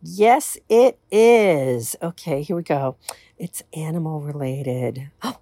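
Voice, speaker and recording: A woman's voice: deep voice, slow, dark tone, dry recording. A woman hosting a casual solo podcast, talking in a candid, self-assured way. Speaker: podcast host.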